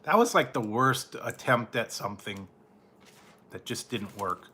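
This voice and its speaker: Man, casual food reviewer, crisp bright tone, laid-back rambling talk, light background hiss. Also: medium pitch, sing-song, a little slow. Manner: rambling, laughs often, trails off. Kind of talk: casual late-night chat.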